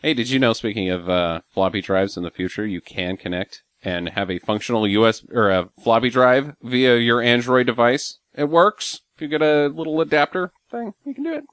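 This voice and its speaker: A man's voice: medium pitch, expressive, normal speed, few pauses, a bit bright, clear, resonant tone, no echo. A man hosting a casual movie podcast, upbeat as he runs the segments and a quiz game. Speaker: podcast host and quiz master.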